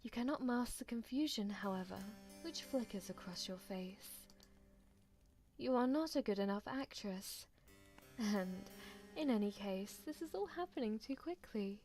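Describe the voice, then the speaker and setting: A woman's voice: medium pitch, animated, a little slow, darkish tone. A woman with a mid-range voice reads a visual novel aloud on her stream, breaking off for playful, giggly asides to her chat. Faint music plays underneath.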